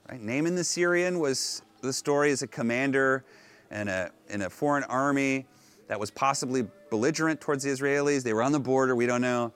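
Man preaching an animated outdoor sermon. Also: mid-range voice. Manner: animated storytelling, acting out characters' lines. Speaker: pastor. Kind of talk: sermon retelling a Bible story. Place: outdoors on location.

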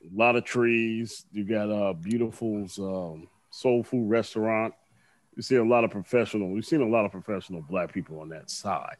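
A man co-hosting a podcast, telling stories in a halting, hesitant way. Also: fairly low pitch, dry recording. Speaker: podcast co-host. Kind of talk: casual podcast banter. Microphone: studio mic.

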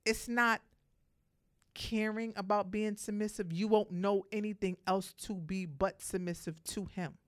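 A woman giving a motivational monologue to other women, speaking emphatically, telling animated stories and addressing her listeners directly. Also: mid-range voice, measured pace.

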